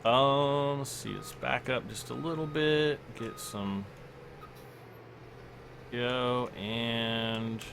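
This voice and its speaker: A man's voice: mid-range voice, fairly even intonation, extremely slow, vocal fry, long pauses, fairly bright tone, a little hiss or hum. A man hosting a game livestream, chatting casually and rambling as he answers viewers' chat questions between moves.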